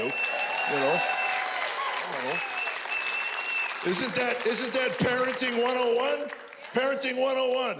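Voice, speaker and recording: A high-pitched man in his sixties tells rapid-fire stand-up stories on stage, playing both sides of conversations with his wife. Faint audience laughter and light noise sit behind him. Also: bright, forceful tone. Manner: rapid-fire storytelling, mimics wife in dialogue. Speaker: stand-up comedian. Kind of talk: stand-up comedy routine. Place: comedy stage before a live audience.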